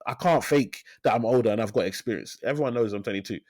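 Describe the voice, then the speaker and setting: A man in his thirties, a financial advisor, talking in a casual interview as an energetic storyteller who repeats phrases for emphasis. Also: medium pitch, fast, no room sound. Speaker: financial advisor, podcast guest.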